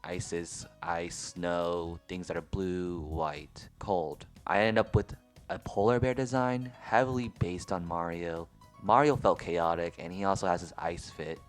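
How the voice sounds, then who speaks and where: A man's voice: deep voice, fairly even intonation, measured pace. A young man giving casual, self-mocking voice-over commentary on his drawings, speaking close to the mic. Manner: wry, offhand, self-mocking. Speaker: art youtuber. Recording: faint music behind.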